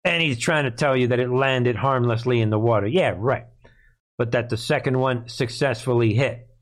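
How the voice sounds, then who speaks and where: A man hosting a live commentary stream, his voice sitting at an ordinary middle pitch. He talks in a sarcastic, scoffing way. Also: fairly even intonation, fairly quick. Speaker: political commentary host.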